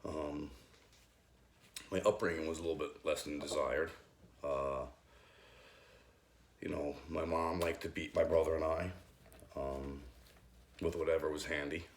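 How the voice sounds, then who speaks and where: Youth leader, man, low voice, hesitant and nervous, recorded in a roomy space. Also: flat delivery, slight background noise. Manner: hesitant, halting, many ums. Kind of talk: personal faith testimony.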